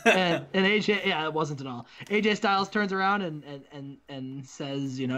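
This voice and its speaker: Man, high voice, casual gaming co-host, rambling storyteller, dull lo-fi mic. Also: normal speed, fairly bright tone. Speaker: guest co-host.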